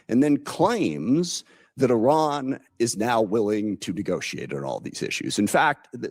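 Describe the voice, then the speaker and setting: A man speaking at a congressional hearing, measured and critical, with sarcastic asides, played back on a stream. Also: on the low side, slightly rough. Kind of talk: hearing remarks.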